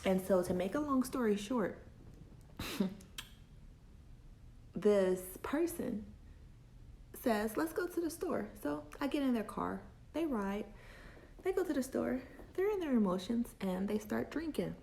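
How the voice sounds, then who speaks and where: A woman's voice: a little high, expressive, a little slow, gravelly, long pauses, dark tone. A woman hosting a women's chat, telling a personal story in a candid, confiding and emotional way, with faith woven in.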